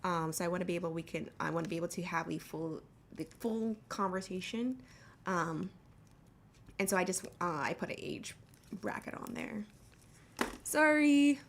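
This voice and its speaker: A woman's voice: lowish voice, expressive, normal speed, vocal fry, a little hiss or hum. A woman hosting a casual livestream, blunt and talking with lots of fillers and swearing. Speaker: livestream host.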